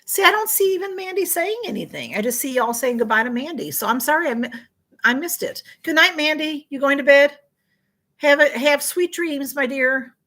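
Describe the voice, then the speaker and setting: A woman's voice: high-pitched, expressive, moderate pace, sharp tone. A woman chatting her way through a casual livestream, reading out viewer comments as they come in. She talks in a friendly, rambling way, often apologizing for falling behind the chat. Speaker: livestream host.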